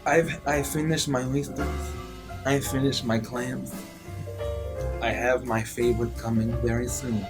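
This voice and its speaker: A man voicing a menacing older male mob boss in a tabletop game, slow and threatening. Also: mid-range voice, level tone, music in the background, close to an everyday voice.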